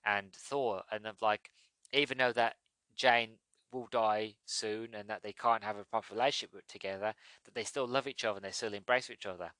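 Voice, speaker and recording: A man hosting a podcast, giving a casual movie review in a rambling, animated way with many restarts. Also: fairly low pitch, a little fast, smooth, no room sound. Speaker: podcast host.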